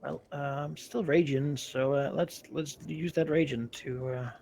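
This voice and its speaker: A man talking as a player in a tabletop game, joking through quick banter. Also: a little high, steady tone, gravelly, a little mellow. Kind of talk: casual tabletop game talk.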